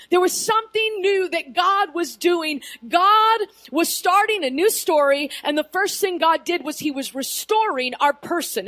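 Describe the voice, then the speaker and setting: A woman pastor giving a sermon in a church, telling the story with animated, conversational asides. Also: high-pitched.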